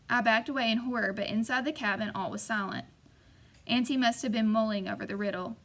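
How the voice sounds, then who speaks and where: Woman reading a scary story aloud, somewhat high voice, measured and suspenseful. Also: fairly even intonation, sharp tone. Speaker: audiobook narrator. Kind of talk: scripted first-person narration.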